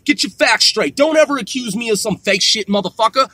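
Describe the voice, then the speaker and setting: A man's voice: very high voice, brisk, bright, forceful tone, husky. A man in his forties ranting to camera, boastful and trash-talking, swearing constantly and tacking "man" onto his lines. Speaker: vlogger. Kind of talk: profane boastful rant to camera.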